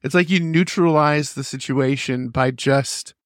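A middle-aged man co-hosting a podcast, affirming his co-host warmly and sharing his own thoughts as a parent. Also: medium pitch, measured pace, no echo, studio quality. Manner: affirming, encouraging listener who chimes in. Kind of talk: casual conversational podcast chat.

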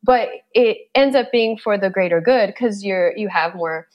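A woman, a yoga instructor appearing as a podcast guest, chatting casually in an animated way and laughing easily. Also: medium pitch, a little slow, lo-fi sound. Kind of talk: casual chat.

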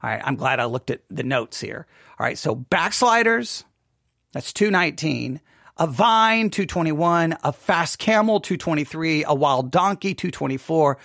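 Animated man teaching Bible study. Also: on the high side, a little slow, creaky, no room sound, studio quality. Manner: animated, questioning, acts out imagined objections. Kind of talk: informal Bible study lesson.

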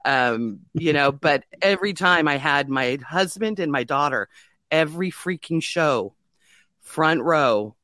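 A woman's voice: low voice, expressive, unhurried, a bit bright, no echo. A middle-aged woman candidly telling her life story in an interview, self-mocking and laughing often, with many fillers.

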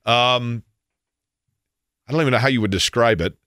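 Bright-voiced rambling male radio host. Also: mid-range voice, moderate pace, no echo, clean studio sound. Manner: rambling, playful, self-mocking. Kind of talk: casual sports talk radio chat.

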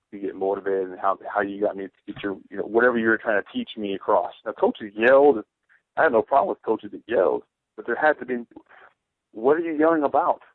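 A former football player tells his stories in an animated, restless way, often repeating words as he gets going. His voice is a bit low for a man. It comes through a thin, phone-like line with no room sound. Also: dry recording. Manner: animated storyteller, repeats words when starting sentences. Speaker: former football fullback guest. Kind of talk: casual podcast chat.

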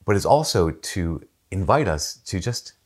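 A man's voice: unhurried, breathy edge. A man speaking as a Catholic priest in a casual faith talk, telling stories in a chatty way and raising his voice to act out the people he quotes. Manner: storytelling, jumps up in pitch to act out quoted people; relaxed, chatty, with frequent fillers and restarts.

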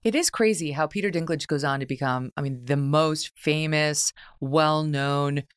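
A woman hosts a casual interview, tossing out wry follow-up questions. Her voice sits low and sounds smooth and clear. The recording is dry and close. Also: normal speed, no echo. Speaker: host.

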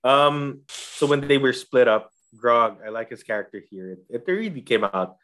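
A man co-hosting a casual podcast with a mid-pitched voice. He speaks with enthusiasm and slips into little acted quotes. The delivery is chatty and animated. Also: moderate pace. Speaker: podcast co-host. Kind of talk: casual chat.

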